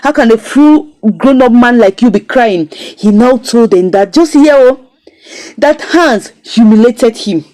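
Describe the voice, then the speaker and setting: A series reviewer recaps and critiques a drama in a casual, animated storytelling style. Her voice is fairly high yet dark and mellow, rising and falling very expressively, and the recording is rough.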